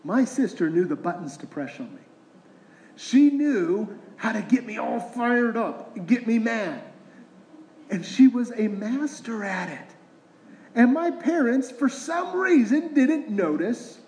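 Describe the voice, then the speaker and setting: High-voiced man preaching in an echoing hall. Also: very animated, takes it slowly, a little mellow. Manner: conversational preaching with rhetorical questions. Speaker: pastor. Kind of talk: sermon.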